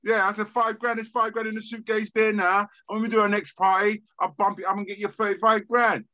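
Animated London man telling stories. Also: sits high, brisk, no echo, muffled recording. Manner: animated, acts out quoted voices, frequent stammered restarts. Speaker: guest. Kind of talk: storytelling in a casual interview.

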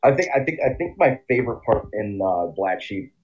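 A man on a podcast who keeps breaking into laughter and recreates funny scenes in high, squeaky voices. His voice moves up and down a lot as he talks. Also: lively intonation, a little fast, a little mellow, highs cut off. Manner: laughs often, retells comedy scenes with squeaky quoted voices. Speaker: podcast co-host. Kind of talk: casual crude chat.

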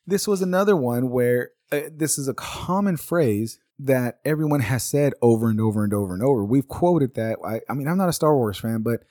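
A man's voice: medium pitch, animated, fairly quick, hardly any pauses, mellow, no echo, studio quality. A man in his thirties rambling in a casual monologue, swearing freely and throwing in exasperated asides. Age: 30s.

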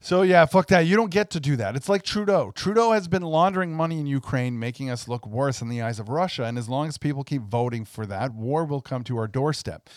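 A man's voice: mid-range voice, animated, fairly quick, hardly any pauses, no room sound. Blunt man talking politics, dry mic. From Canada. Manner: blunt, declarative, with frequent short agreements. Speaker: podcast co-host. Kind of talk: casual political commentary.

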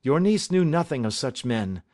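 A man reading a calm, stern detective. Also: medium pitch, lightly acted. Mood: explaining. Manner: composed, deliberate, authoritative. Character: calm, stern male detective, measured and assured. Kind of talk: audiobook character reading.

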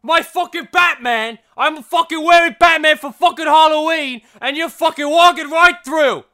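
A man impersonating a furious male movie star who shouts, swears and repeats himself over and over. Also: very high voice, moderate pace, pitched above the performer's own voice, exaggerated voice. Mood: furious shouting.

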